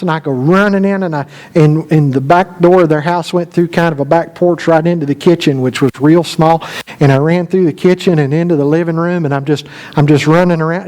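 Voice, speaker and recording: A middle-aged male preacher telling a folksy, animated story during a sermon. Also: on the high side.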